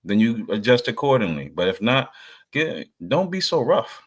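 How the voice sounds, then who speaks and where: A man's voice: medium pitch, big pitch swings, moderate pace, breathy edge. A man co-hosting a podcast, giving earnest, repetitive dating advice in casual chat. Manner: earnest, preachy advice with repeated "you know what I'm saying". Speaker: podcast co-host.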